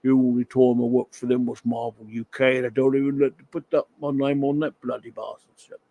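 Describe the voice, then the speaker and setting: A man putting on a gruff, swearing older English comics writer in a mock English accent, grumbling. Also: mid-range voice, flat delivery, a little fast, warm tone, lightly acted. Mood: indignant. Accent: put-on English.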